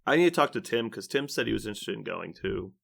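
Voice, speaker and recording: A man's voice: on the low side, animated, fast, creaky, breathy edge. A man co-hosting a podcast in casual chat, hesitant and thinking aloud. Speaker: podcast co-host.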